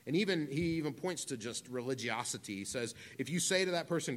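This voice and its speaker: A man's voice: medium pitch, animated, fairly quick, a bit bright. A man in his thirties preaching a conversational sermon, with humorous asides and casual phrasing. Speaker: pastor.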